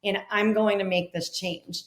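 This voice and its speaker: A woman's voice: mid-range voice, fairly even intonation, moderate pace, fairly bright tone, reverberant. A woman hosting a podcast, encouraging and reflective, laughing easily as she talks with her guest. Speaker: podcast host. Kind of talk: interview conversation.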